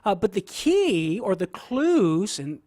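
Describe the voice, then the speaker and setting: A man's voice: high voice, big pitch swings, slow pace, mellow, no room sound, clean studio sound. A man from southern Louisiana with a Cajun accent, a guest on a radio show, talking casually and laughing often as he explains a Bible passage. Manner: laughs often, folksy and earnest. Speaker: guest apologist.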